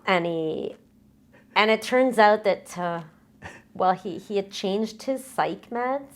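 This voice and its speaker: A young woman singer being interviewed in a casual chat. She recalls stories hesitantly and laughs softly. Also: mid-range voice, slow. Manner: hesitant, many fillers and restarts, soft laughs.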